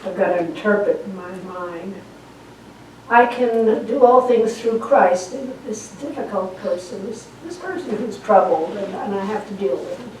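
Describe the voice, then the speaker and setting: A woman minister preaching and leading spoken affirmations in a church. She talks slowly and deliberately and repeats key phrases for emphasis. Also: mid-range voice, a little mellow, a little hiss or hum. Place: church sanctuary. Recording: echoey room, voice from far off the mic.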